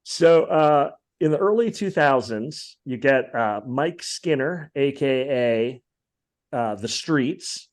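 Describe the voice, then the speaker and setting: A man hosting a podcast, chatting casually about music in an opinionated, rambling way full of fillers. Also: medium pitch. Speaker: podcast host.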